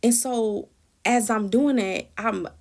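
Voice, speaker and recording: A woman with a gravelly, fry-tinged voice tells a personal testimony about prayer. She talks in an earnest, emotional, conversational way, often restarting and repeating her phrases. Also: fairly high pitch, slow, a little mellow. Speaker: Christian encourager sharing a prayer testimony.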